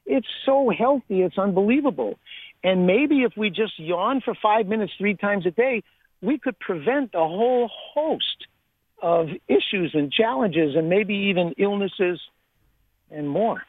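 High-voiced man on a tinny phone line. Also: a little slow, no echo. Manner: animated, laughs often, repeats for emphasis. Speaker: guest, breathwork author. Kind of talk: radio interview, enthusiastic explaining.

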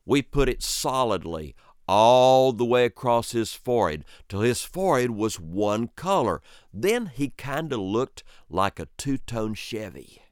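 Animated male storyteller, slow and lively. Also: clear, resonant tone, no echo, studio quality. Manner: lively, dramatic pauses and sudden pitch jumps. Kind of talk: told personal story.

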